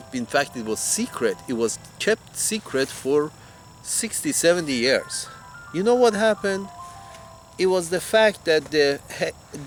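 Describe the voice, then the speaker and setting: A man ranting in a heated, profane monologue, repeating himself and restarting as he goes. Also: fairly high pitch. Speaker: commentator.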